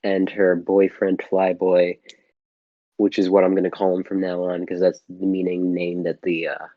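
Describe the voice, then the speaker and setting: Low-voiced male podcast co-host, rambling casual film chat, dull dry lo-fi sound. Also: completely flat delivery, moderate pace, no echo. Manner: rambling, loose, swears casually.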